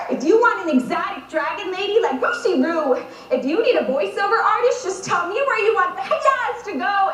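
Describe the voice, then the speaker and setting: Teen girl, wry competition monologue, very high lively voice, echoey hall from afar. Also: distant mic. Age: teens. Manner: wry, sardonic storytelling. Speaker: speech competitor. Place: competition stage in a large hall.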